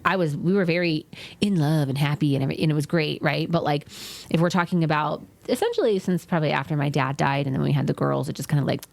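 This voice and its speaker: A woman's voice: sits low, quick pace, gravelly, dry recording. Wry woman co-host, dry close sound. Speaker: podcast co-host. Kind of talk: casual chat.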